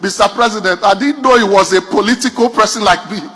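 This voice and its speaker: A man's voice: high-pitched, fast talker, bright, forceful tone, soft background music. A Nigerian man performing a stand-up comedy routine. He tells punchy stories straight to the audience. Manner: addresses the audience directly, punchy storytelling.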